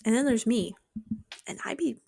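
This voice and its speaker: A young woman in her twenties chatting casually and fast, rambling with sarcastic, sweary asides, speaking into a mic held close to her mouth. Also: fairly high pitch, vocal fry, dark tone, a little hiss or hum. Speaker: vlogger. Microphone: close mic held near the mouth.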